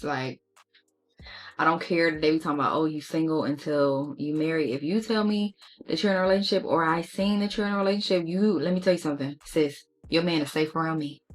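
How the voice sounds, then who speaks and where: A young adult woman chatting candidly and sassily to her viewers in a casual storytime vlog. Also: fairly low pitch. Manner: candid, sassy, talks straight to viewers. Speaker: beauty vlogger.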